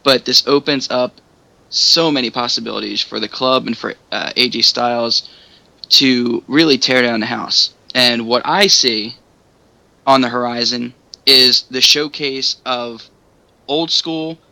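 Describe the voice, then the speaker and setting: A man guesting on a casual podcast, building his argument step by step. His voice is gravelly with a lot of fry, and its tone is sharp and tense, at an ordinary pitch. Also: no echo, rough recording. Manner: measured, argumentative. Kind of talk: casual wrestling review chat.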